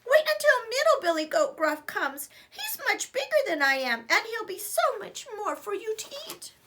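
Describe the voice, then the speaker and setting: A woman voicing a small young male billy goat, timid and pleading in a high voice for a read-aloud. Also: big pitch swings, normal speed, bright, forceful tone, full character voice.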